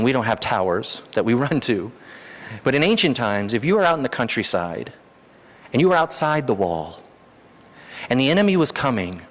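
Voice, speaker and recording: A man preaching a sermon as pastor, animated, his voice jumping high for emphasis. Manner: animated, rises sharply in pitch for emphasis. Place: church hall. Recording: long hall reverb.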